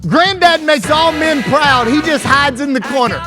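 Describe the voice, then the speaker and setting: High-voiced folksy Kentucky man. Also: moderate pace. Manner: folksy and joking, keeps asking "right?". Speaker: school superintendent, keynote speaker. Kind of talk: conference keynote. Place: large conference hall. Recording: long hall reverb with faint music.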